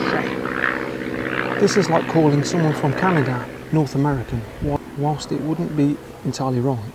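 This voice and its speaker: A man's voice: on the high side, heavy background noise. An English man talking casually in a vlog, with dry, chatty asides. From England. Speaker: travel vlogger.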